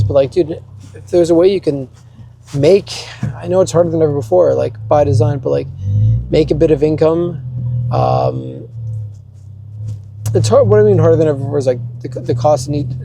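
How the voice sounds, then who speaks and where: Gravelly young man ranting in a car. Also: fairly high pitch, lively intonation, brisk, noisy background. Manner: rambling, profane, restarts a lot. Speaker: vlogger. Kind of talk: ranting monologue.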